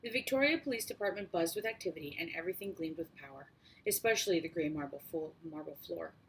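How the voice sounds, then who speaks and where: A woman reads a first-person story in a steady, measured way. Her voice sits on the low side, and a faint hiss runs under the recording. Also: low-quality recording. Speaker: audiobook reader. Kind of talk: first-person audiobook narration.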